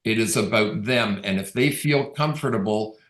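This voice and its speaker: A man's voice: lowish voice, moderate pace, a bit bright. A middle-aged man from Canada giving a conversational webinar talk as a real estate agent, telling stories and acting out quoted dialogue. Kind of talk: casual storytelling talk. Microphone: video call. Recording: roomy echo on the voice.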